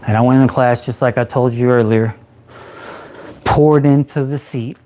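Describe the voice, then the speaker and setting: A man in his thirties, a peer support specialist, telling his own recovery story on a livestream in an animated way, acting out what he said back then. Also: mid-range voice, normal speed, pauses often, a little hiss or hum.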